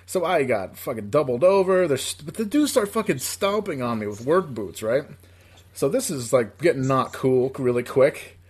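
A man from upstate New York spins a long, rambling story in loose podcast chat. He swears freely and laughs along with his own telling, at an everyday mid pitch. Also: expressive, normal speed, slightly rough. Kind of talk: casual storytelling.

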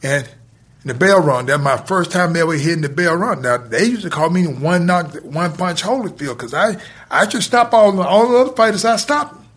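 Husky guy with a slightly high voice, casual chatty storytelling, acts out the quotes. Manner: animated, retells scenes with quoted dialogue, laughs between lines; colloquial grammar, drawn-out pauses. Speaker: guest telling a life story.

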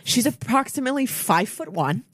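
A woman's voice: a little high, fairly quick, dry recording, clean studio sound. A young woman co-hosting a casual chat, telling a story with lots of cursing and big dramatic swings. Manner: animated, profane, big dramatic swings when quoting herself.

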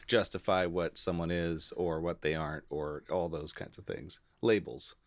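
A man's voice: low-pitched, moderate pace, a little hiss or hum. A middle-aged American man co-hosting a podcast in casual conversation, telling stories and acting out other people's lines. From United States. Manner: animated storyteller, acts out quoted voices. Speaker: podcast co-host.

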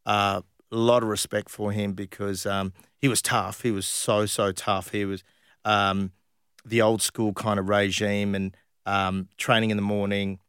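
A middle-aged man, telling lively football anecdotes in a casual interview and acting out what others said. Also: lowish voice, a little slow, smooth, dry recording, clean studio sound. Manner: animated anecdotes, acts out quoted voices, laughs often. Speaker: interview guest, former footballer.

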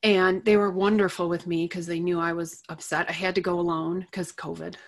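A middle-aged woman telling an emotional personal story as a guest, candid and animated, laughing between phrases. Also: on the low side, fairly quick.

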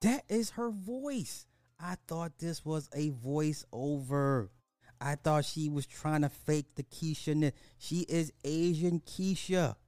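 A man hosts a social commentary podcast in a slow, deliberate delivery. His voice sits slightly high, and he leans on blunt repeated rhetorical questions. The sound is dry and close. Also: expressive, mellow, dry recording, soft background music. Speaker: podcast host.

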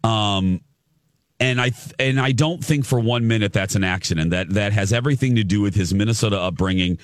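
A man's voice: lowish voice, fairly quick, no room sound, clean studio sound. A man hosting an entertainment show, chatting casually and enthusiastically as he retells a celebrity encounter in a gushing, storytelling manner. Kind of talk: casual chat.

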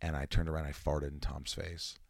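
A man in his forties, a comedian and musician, chatting casually as a guest and telling rambling, animated stories with some profanity. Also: very deep voice, fairly quick, vocal fry, no room sound. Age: 40s. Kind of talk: casual interview chat.

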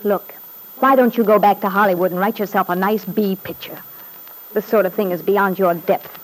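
Actress doing a spoiled rich wife, all sneers and cutting comebacks, old radio play sound. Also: female voice, mid-range voice, steady tone, normal speed, close to an everyday voice. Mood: scornful. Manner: cutting, scornful, defiant. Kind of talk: 1940s radio acting. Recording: scratchy old radio broadcast.

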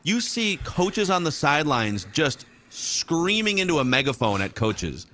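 A man hosts a casual sports chat, with a lively, swinging pitch and a bright tone. He muses and asks questions in an easy way. He sounds curious and relaxed. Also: measured pace. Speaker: podcast host.

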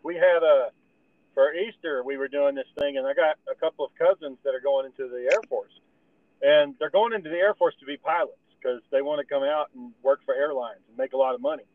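Tinny-sounding profane podcast co-host. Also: male voice, on the high side, no room sound. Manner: profane, storytelling. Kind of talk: casual banter.

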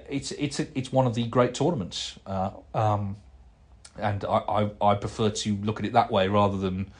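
A middle-aged man hosting a casual solo podcast, rambling and chatty with plenty of fillers and restarts as he answers listener emails. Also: on the low side. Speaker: podcast host.

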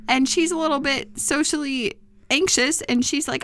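A woman in her thirties, co-hosting a casual parenting chat, chatty and quick to laugh. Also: sits high, a bit bright, no echo, clean studio sound. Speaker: podcast co-host.

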